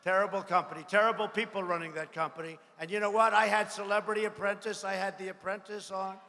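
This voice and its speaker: A man giving a campaign rally speech, boastful and mocking, repeating his phrases and often shouting to the crowd in a large venue. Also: high voice, level tone, quick pace. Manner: frequent shouted lines to a crowd. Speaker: politician addressing a rally. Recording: long reverb of a large venue.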